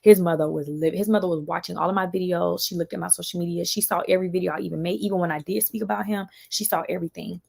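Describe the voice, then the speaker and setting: A young woman, talking casually on a live stream to viewers, animated and mimicking others in raised voices. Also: lowish voice, very fast, creaky, few pauses, slightly rough.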